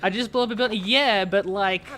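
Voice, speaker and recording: A man's voice: high-pitched, a little fast, sharp tone, faint music behind. A man streaming a video game, giving sarcastic, rambling live commentary.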